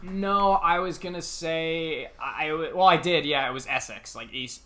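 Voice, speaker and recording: A man's voice: fairly high pitch, moderate pace, hardly any pauses. A man in his thirties from the United States, co-hosting a podcast and telling stories in casual chat with frequent laughs. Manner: animated storyteller, laughs often. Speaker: podcast co-host.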